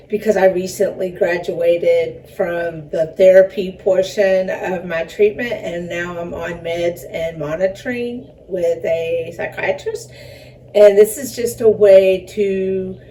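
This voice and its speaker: Her voice is medium in pitch with a dark tone, as this filmmaker and performer rambles chattily in a casual interview about her film and one-woman show, laughing self-consciously. She's recorded from afar, with faint background noise.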